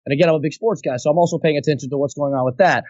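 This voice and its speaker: A man, a voice actor guest, telling an animated, chatty story in a podcast interview. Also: on the high side, rapid-fire, no echo, muffled recording. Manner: animated, chatty, slips into impressions.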